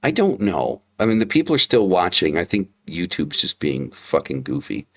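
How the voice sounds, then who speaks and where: A man with a fairly low voice chats on a livestream, candid and loose. He swears freely and circles back over his own words as he tells a story. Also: big pitch swings, normal speed, fairly bright tone. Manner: candid, heavy swearing, repeats himself. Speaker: podcast co-host, father. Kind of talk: casual livestream chat.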